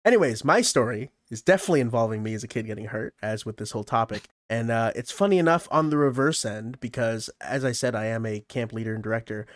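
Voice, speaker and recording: Animated male storyteller, casual podcast chat, expressive and loose, dry studio. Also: medium pitch, quick pace, few pauses, no echo. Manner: animated, expressive storyteller with frequent swearing and laughter. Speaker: podcast co-host, camp director.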